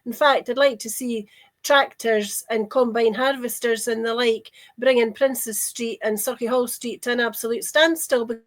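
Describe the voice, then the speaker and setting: A woman co-hosting a political discussion, talking in an indignant, emphatic way and slowing down to stress her points. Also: a little high, fairly even intonation. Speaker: panel co-host.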